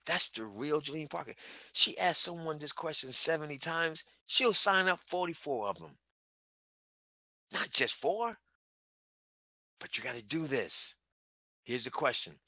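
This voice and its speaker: A man's voice: on the high side, lively intonation, normal speed, long pauses, dry recording. Emphatic male sales trainer on a tinny line. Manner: emphatic, repetitive, urgent. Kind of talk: motivational business training talk. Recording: tinny phone-like line, dry.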